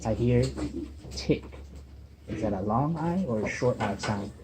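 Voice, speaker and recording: A man's voice: mid-range voice, expressive, moderate pace. Patient man teaching in a noisy classroom. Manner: patient, checks in with "okay?" and "right?". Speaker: student teacher. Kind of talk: one-on-one reading lesson. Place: table at the back of a busy classroom. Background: classroom chatter.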